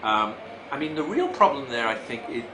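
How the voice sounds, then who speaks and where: A man giving a mock-serious comic ranking in a dry, deadpan way, hesitating with fillers. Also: medium pitch, normal speed. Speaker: celebrity guest. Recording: echoey room with loud noise.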